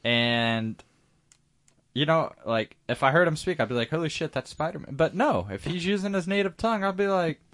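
A man co-hosting a podcast in casual chat, making joking asides and laughing quickly. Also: on the high side, animated, fairly bright tone. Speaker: podcast co-host.

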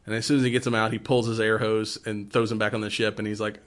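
A man's voice: lowish voice, flat delivery, fast talker, a bit bright. A man in casual conversation, animatedly retelling movie scenes, acting out quotes and laughing often.

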